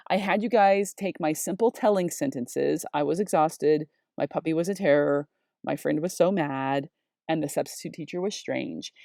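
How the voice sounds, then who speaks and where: Woman, 40s, expressive teacher; lowish voice, close and dry. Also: dry recording. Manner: expressive, gushing over sentences, chatty teacher tone. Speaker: high school English teacher. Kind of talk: video lesson reading literary examples aloud.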